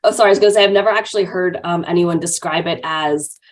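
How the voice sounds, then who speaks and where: A woman with a fairly low voice, hosting a podcast. She puts her questions to the guests with curiosity and a bit of hesitation. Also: quick pace. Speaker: podcast host. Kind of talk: casual interview questions.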